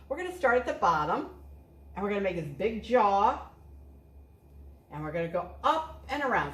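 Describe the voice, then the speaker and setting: Encouraging woman teaching kids to draw. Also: mid-range voice. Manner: cheerful, encouraging, talks to children directly. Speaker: art teacher. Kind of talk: step-by-step drawing lesson for kids. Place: art studio. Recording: echoey room.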